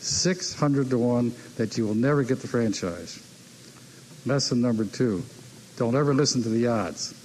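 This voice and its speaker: A man's voice: medium pitch, normal speed, darkish tone, slight background noise, rough recording. An older man telling anecdotes about buying sports teams, repeating key phrases and acting out the people he quotes. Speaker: team owner telling stories. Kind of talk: anecdotal speech.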